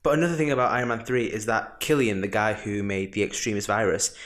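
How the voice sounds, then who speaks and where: A man's voice: on the low side, fairly even intonation, fast, a bit bright. A young man arguing his point eagerly in a casual podcast chat, with lots of fillers like "like". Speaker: podcast guest.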